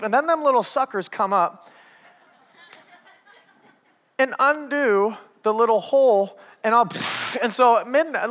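A middle-aged male pastor preaching a sermon with animated storytelling, laughing and acting out voices. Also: very high voice. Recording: reverberant hall.

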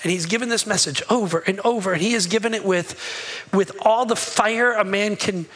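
A man's voice: sits high, fairly quick, a bit bright, poor audio. A male pastor giving a sermon in a church, impassioned and conversational, asking the congregation questions.

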